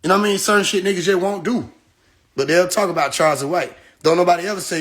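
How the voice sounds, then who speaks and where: A man's voice: high voice, fast, fairly bright tone. A man hosting a livestream, ranting heatedly and profanely straight at his viewers. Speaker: livestream host. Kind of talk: casual livestream rant.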